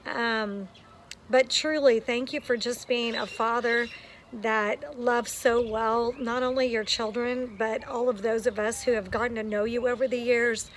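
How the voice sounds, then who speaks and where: A woman's voice: on the high side, steady tone, a little slow, a little hiss or hum. Earnest woman speaking outdoors. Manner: earnest and emotional, with frequent ums. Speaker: friend giving a birthday message. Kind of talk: heartfelt video message.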